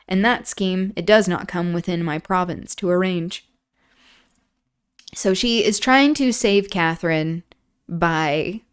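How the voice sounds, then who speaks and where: A woman streamer reading a classic novel aloud, breaking off for relaxed, chatty asides. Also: fairly low pitch, clean tone. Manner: relaxed, chatty asides and laughter between passages.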